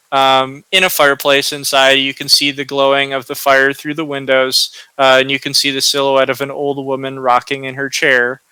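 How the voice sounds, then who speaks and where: A male game master narrating a tabletop adventure at an unhurried, halting pace, with plenty of fillers. His voice is bright and smooth, recorded dry and close. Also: medium pitch, no echo, rough recording. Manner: slow, hesitant, many fillers.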